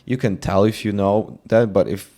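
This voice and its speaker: A man with a very low voice chats easily on a podcast, agreeing often. He explains things in a loose, roundabout way. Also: steady tone, moderate pace, warm tone. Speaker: podcast co-host. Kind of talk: casual chat.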